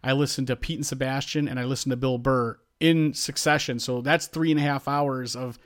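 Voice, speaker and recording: Man, thirties, podcast co-host, casual chat, animated, quotes people loudly. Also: medium pitch, brisk.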